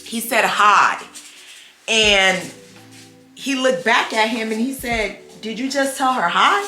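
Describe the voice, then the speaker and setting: Young woman, bright voice, casual vlog chat, echoey room. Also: a little high, takes it slowly, soft background music. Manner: animated storytelling, acts out quoted voices. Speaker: vlogger.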